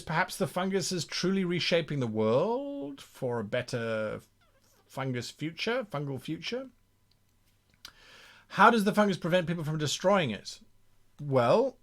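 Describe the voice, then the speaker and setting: A man game master brainstorming a campaign live, reading viewer comments aloud and thinking out loud with restarts and repeats. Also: a little high.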